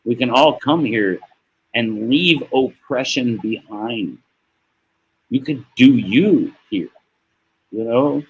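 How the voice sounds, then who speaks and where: A man's voice: medium pitch, takes it slowly, long pauses, breathy edge, rough recording. An American man streaming to his viewers in a casual, rambling monologue that is heartfelt and profane, with laughs. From United States.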